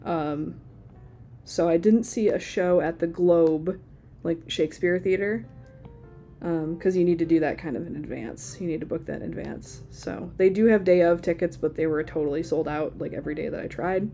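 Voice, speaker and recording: A woman's voice: on the low side, moderate pace, dark tone, soft background music. A woman in her thirties, chatting casually while she draws during a live stream. She rambles and uses a lot of filler words. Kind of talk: casual chat while drawing.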